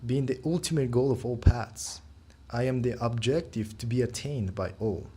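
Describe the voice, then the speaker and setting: A man reading scripture verses aloud in a slow, measured way to a study group. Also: mid-range voice, warm tone, breathy edge. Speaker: reader.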